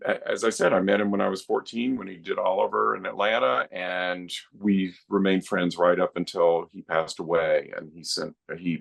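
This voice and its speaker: A man's voice: deep voice, vocal fry, fairly bright tone. A middle-aged man, a guest filmmaker on a podcast, reminiscing in an earnest, heartfelt way. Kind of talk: podcast interview.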